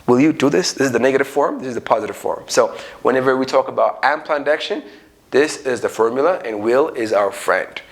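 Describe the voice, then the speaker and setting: A man's voice: mid-range voice, brisk, vocal fry. A man with an Ethiopian accent teaching an unscripted English grammar lesson, acting out little everyday dialogues as he explains. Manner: animated, acts out little dialogues.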